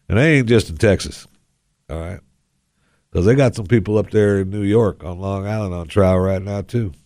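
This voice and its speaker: A man's voice: lowish voice, a little mellow, no room sound, studio quality. A man hosting a talk radio show into a headset mic, speaking in a put-on folksy drawl with a wry, sarcastic tone. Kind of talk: casual talk radio monologue. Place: radio studio.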